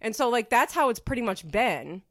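A woman's voice: fairly high pitch, very animated, moderate pace, a bit bright, no room sound. Rambling woman podcast host, dry sound. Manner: rambling, filler-heavy storytelling. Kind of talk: casual chat.

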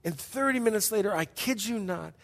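A middle-aged male pastor preaching a sermon as a story, emphatic and repetitive, dropping to hushed passages between bursts. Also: high-pitched, lively intonation, brisk, gravelly. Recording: long hall reverb.

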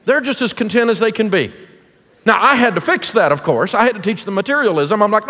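A man's voice: high-pitched, lively intonation, a little fast, bright, forceful tone. A middle-aged man preaching as a guest speaker to a church congregation, folksy, punchy and jokey. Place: church auditorium. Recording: long reverb of a large hall.

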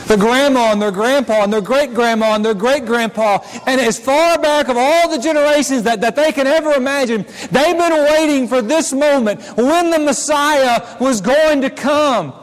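A man's voice: very high-pitched, moderate pace, few pauses. A man preaching a sermon as pastor, talking conversationally with frequent restarts and repeated words. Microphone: handheld or stand mic. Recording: long reverb of a large hall.

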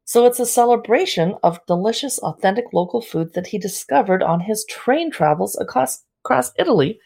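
A woman's voice: mid-range voice, animated, a little fast, creaky, darkish tone, breathy edge. A woman from San Diego co-hosting a casual chat, presenting cookbooks in a playful, teasing way. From San Diego, United States. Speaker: co-host reviewing cookbooks.

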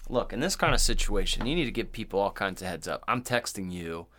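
A man's voice: lowish voice, animated, fast, sharp tone, slight background noise. A man co-hosting a casual podcast chat, bantering in a profane way with slang. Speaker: podcast co-host.

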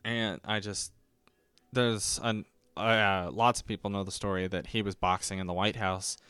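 Low, smooth-voiced man telling rambling stories. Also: fairly even intonation, moderate pace, a bit bright, no room sound. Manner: rambling, self-correcting, acts out quoted voices. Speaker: podcast host. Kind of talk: casual solo storytelling.

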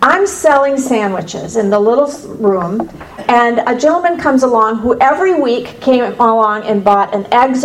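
A woman from the United States shares her faith testimony with an audience in a somewhat high voice. She tells it as a lively story, with playful asides to her listeners. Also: a little hiss or hum, rough recording. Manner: lively storyteller, humorous asides, acts out dialogue.

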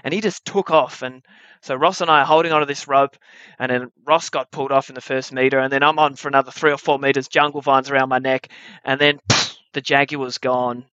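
A young man telling a true adventure story at a live story slam, wry and animated, with comic timing. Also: mid-range voice, brisk, no room sound, lo-fi sound.

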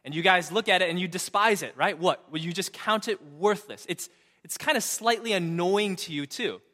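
A young man preaching a sermon, emphatic, often asking the crowd "right?" and dropping from loud to hushed. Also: high voice, moderate pace. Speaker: pastor. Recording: long reverb of a large hall.

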